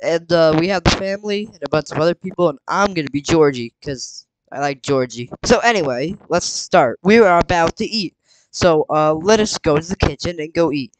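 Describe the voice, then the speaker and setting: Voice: medium pitch, normal speed, rough recording. Rambling casual gaming host. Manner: rambling with many fillers. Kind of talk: casual game commentary. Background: background music.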